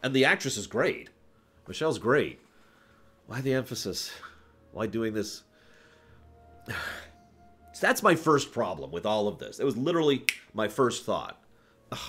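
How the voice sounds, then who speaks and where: Male stream host, lowish voice, lively inflection, opinionated and rambling, faint music bed. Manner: opinionated, rambling with restarts and sighs. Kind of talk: casual livestream commentary.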